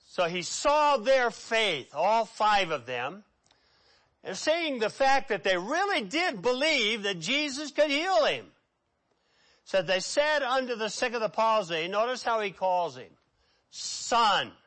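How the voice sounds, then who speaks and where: A man preaching a sermon with dramatic swings between hushed and loud delivery. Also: sits high, very animated, measured pace.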